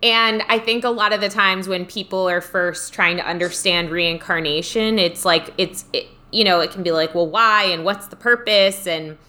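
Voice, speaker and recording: A woman podcast host with a low voice and a bright, forceful tone. She reflects in a casual, enthusiastic way and reads out comments from listeners. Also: steady tone, moderate pace, hardly any pauses. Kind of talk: casual chat.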